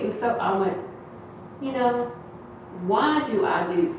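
A woman's voice: medium pitch, moderate pace. A woman speaks to her church congregation in a loose, storytelling sermon, acting out voices and laughing along the way. She is recorded from a distance in a very echoey hall. A faint hiss sits under the sound. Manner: animated, acts out voices in her stories, laughs often.

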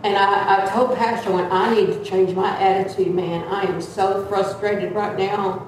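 A woman giving a loud, earnest, plain-spoken sermon-style talk in a church. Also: medium pitch, steady tone, normal speed, slight background noise. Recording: echoey room from far off.

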